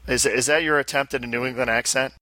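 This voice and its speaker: A man hosting a casual podcast, easygoing and quick to laugh, on a close mic. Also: mid-range voice, fairly even intonation, sharp tone, no room sound. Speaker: podcast host. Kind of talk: casual chat.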